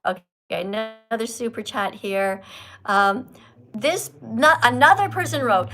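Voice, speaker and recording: Animated teacherly woman streaming live. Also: a little high, measured pace. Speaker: livestream host. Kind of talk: casual livestream chat. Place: Italy.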